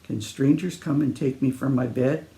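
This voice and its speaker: A man's voice: medium pitch, steady tone, moderate pace, vocal fry, dark tone, lightly acted. A man voicing a curious little girl who worries at bedtime, asking her grandfather one question after another. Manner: questioning, childlike.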